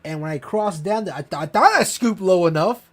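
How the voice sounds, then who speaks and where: A man telling a long, profane story in casual podcast chat, rambling and animated. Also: high-pitched, fairly quick. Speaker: podcast co-host.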